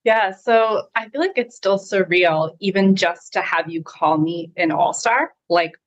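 A woman's voice: lowish voice, lo-fi sound. A woman guest on a video call, telling her personal story candidly in a casual way full of "like". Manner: candid, filler-heavy with frequent "like", quick to laugh.

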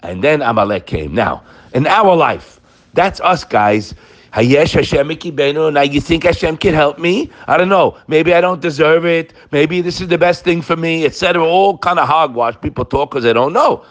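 A man's voice: fairly high pitch, moderate pace. A man giving an emphatic daily Torah talk, weaving Hebrew quotations into English and calling his listeners "guys". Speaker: Torah teacher.

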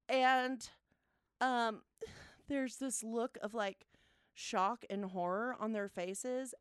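A woman in her thirties co-hosting a podcast, telling a story in a lively way, often laughing and acting out what people said. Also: a little high, slow, clean tone, no room sound, studio quality. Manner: animated, laughing often, acts out quotes. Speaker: podcast co-host. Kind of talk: casual storytelling chat.

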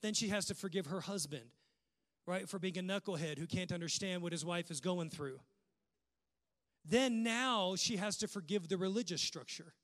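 A man's voice: high voice, a bit bright. A male pastor preaching a sermon with impassioned, rhythmic repetition.

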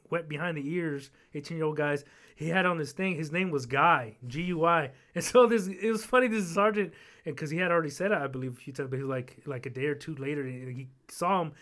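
Male podcast host, higher-pitched, loose and rambling storyteller. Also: a bit bright. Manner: rambling, full of fillers and restarts. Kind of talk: casual storytelling.

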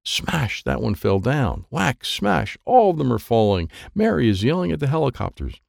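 A man reading a children's book aloud, lively and playful, with sound effects and character voices. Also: medium pitch, unhurried, vocal fry, hardly any pauses, no echo, clean studio sound. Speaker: audiobook reader.

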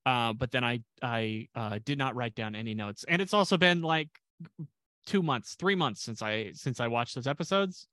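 A man's voice: medium pitch, normal speed, bright, forceful tone, dry recording. A man co-hosting a podcast in casual chat, rambling with lots of restarts and dry jokes. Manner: rambling, restarts a lot, self-deprecating jokes. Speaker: podcast co-host.

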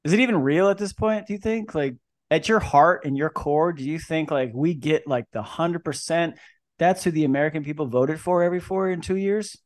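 High-voiced man ranting with profanity. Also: fairly quick. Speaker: podcast host. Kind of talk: casual chat.

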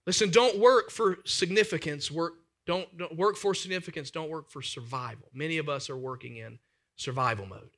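A man in his thirties, a pastor preaching an animated, emphatic sermon full of family stories. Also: on the high side, normal speed.

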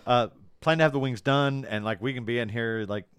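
A man co-hosting a podcast, chatting about football in a loose, animated way and swearing now and then. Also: mid-range voice, brisk, clear, resonant tone, dry recording, clean studio sound. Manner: animated, swears, quotes movie lines. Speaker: podcast co-host. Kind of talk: casual sports chat.

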